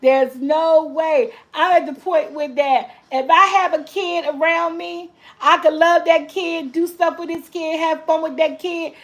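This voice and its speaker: This vlogger's voice is very high-pitched yet steady, measured in pace, a bit bright and with few pauses. Hosting a casual live-stream chat, she reads viewers' comments, rambles and repeats herself, calling her audience y'all.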